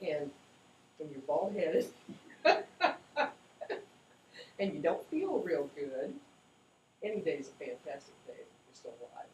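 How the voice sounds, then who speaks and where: A man's voice: fairly high pitch, sing-song, a little slow, pauses often, a little hiss or hum. A man guest chatting casually and telling an upbeat story. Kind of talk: casual chat. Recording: echoey room, mic far off.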